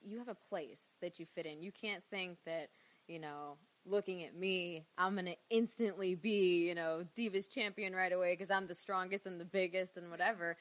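A woman's voice: fairly low pitch, moderate pace, low-quality recording. A woman in her thirties from Queens with a New York accent, telling stories as a guest in a casual podcast interview, chatty and full of fillers. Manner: chatty, animated storyteller, many fillers. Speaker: interview guest, professional wrestler.

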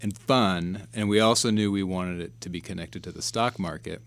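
A man appearing as a podcast guest, talking in a relaxed, easygoing way about making a game. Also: low-pitched, moderate pace, vocal fry, no echo. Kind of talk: casual podcast chat.

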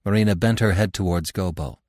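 A man narrating a classic novel in an expressive, dramatic storytelling manner. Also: sits low, a little fast, dry recording, clean studio sound.

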